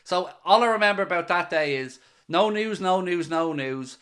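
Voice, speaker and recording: A man's voice: high voice, animated, normal speed, fairly bright tone. An Irish man hosting a football fan channel, talking casually to camera in a playful, mock-serious, sarcastic way. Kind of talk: casual solo commentary to camera.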